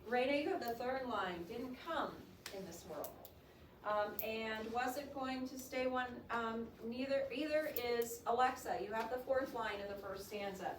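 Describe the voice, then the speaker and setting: Classroom teacher, female, expressive reader who coaxes answers; distant mic, noisy classroom. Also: a little high, normal speed, few pauses. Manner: expressive reader, coaxing questions to students. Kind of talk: classroom poetry reading and discussion. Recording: roomy classroom sound from a distant mic with noise.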